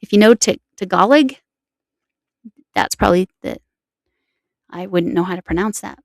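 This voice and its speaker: A woman's voice: fairly low pitch, steady tone, brisk, gravelly, a little mellow, no room sound. Chatty woman vlogging, dry sound. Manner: chatty, rambling, self-correcting. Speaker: crochet vlogger. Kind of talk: casual chat to camera.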